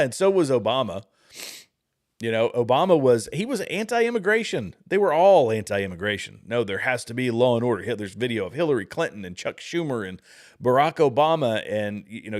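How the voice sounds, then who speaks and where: A man's voice: mid-range voice, very animated, normal speed. A man in his thirties hosting a livestream, giving casual, rambling political commentary while reading viewer comments, often restarting his sentences. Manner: rambling, with frequent restarts and asides. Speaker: livestream host.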